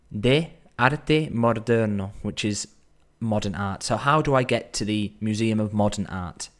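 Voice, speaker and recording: A man with a somewhat low voice talks through a Spanish lesson. He explains patiently, thinks aloud and slows down to sound out each phrase. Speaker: Spanish tutor.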